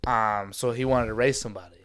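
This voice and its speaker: Young guy on a podcast, talks fast, super animated stories, says like constantly. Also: mid-range voice, clear, resonant tone. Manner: animated storyteller, heavy use of "like". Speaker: podcast guest. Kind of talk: casual chat.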